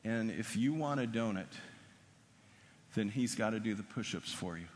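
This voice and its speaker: A man's voice: lowish voice, expressive, moderate pace, natural voice. A preacher voicing an earnest male college professor who speaks patiently, recorded in an echoey hall.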